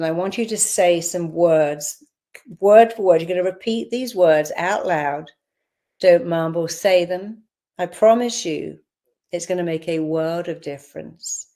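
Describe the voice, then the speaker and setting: A woman leading a guided visualization in a calm, directive way, repeating phrases for listeners to say back. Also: fairly low pitch. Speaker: speaker leading a guided healing exercise.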